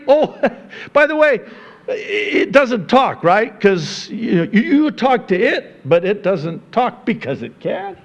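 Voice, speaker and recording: A man preaching a sermon with an animated, conversational delivery. His voice sits slightly high and he takes his time, letting phrases land slowly. He swells up loud for emphasis and falls back to quiet, chuckling asides to the congregation. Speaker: pastor.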